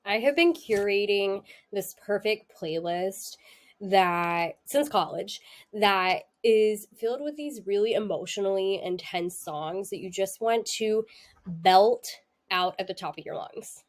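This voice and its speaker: A woman's voice: mid-range voice, measured pace. Chatty woman giving astrology guidance. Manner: chatty and candid, laughs often, frequent fillers. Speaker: astrology host. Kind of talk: casual spiritual talk to camera.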